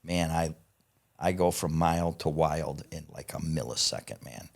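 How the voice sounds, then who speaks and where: A man telling stories as a podcast guest in casual chat, excitable and profane, swearing as he talks. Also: extremely low pitch, a little slow, vocal fry. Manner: excitable, profane, animated storyteller.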